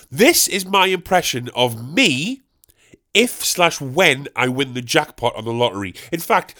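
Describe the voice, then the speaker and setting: Animated man ranting comically. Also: mid-range voice, measured pace. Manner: animated, goofy, swears freely. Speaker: podcast host. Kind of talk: comedic solo podcast rant.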